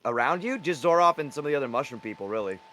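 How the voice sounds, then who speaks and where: A man's voice: mid-range voice, expressive, racing, pushed and bright, slight background noise. A young man running a tabletop game as dungeon master, narrating in a loose, rambling way and swearing casually.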